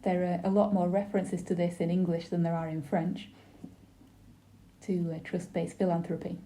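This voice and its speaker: A woman giving a simultaneous interpretation of a webinar panel, speaking in a measured, formal way with brief pauses and restarts. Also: lowish voice, little pitch movement, mellow.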